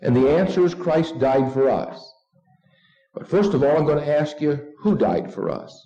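A middle-aged man preaching an evening sermon, earnest and unhurried, leading his listeners to repeat a short text with him. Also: fairly high pitch, warm tone. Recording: dull lo-fi recording.

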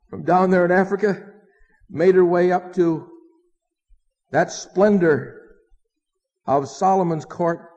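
A man with a high voice preaches earnestly and with emphasis, pressing his listeners with rhetorical questions. His voice rings through a large hall with a long reverb, and the recording sounds dull and lo-fi. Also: dark tone. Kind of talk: sermon.

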